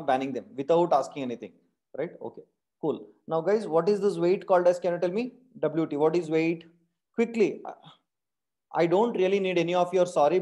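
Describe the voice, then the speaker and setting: Indian English teacher, constantly quizzing. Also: male voice, a little high, dark tone. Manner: keeps quizzing students with repeated questions and tag questions; calls his class "my dear friends". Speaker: programming teacher. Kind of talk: live online coding class.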